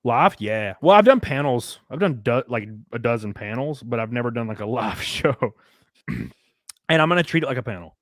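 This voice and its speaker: With a mid-range voice, lively intonation and a normal pace, a young Southern podcast host chats crudely and casually, rambling and restarting often. The sound is studio-grade with no room reverb.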